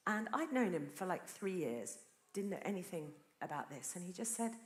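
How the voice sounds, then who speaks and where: A woman's voice: lowish voice, moderate pace. Woman preaching in an echoey church. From Britain. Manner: storytelling, earnest and animated. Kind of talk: sermon. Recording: roomy church echo.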